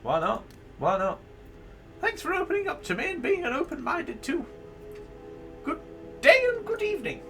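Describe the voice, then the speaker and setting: Casting: a prissy male alien passenger, piping falsetto, lively swoops, music under. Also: normal speed, pauses often, distant mic, full character voice. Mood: prissy, inquisitive. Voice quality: shrill, squeaky falsetto. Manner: fussy, formal, repeats words in pairs. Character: shrill, overly polite male alien passenger. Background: game music.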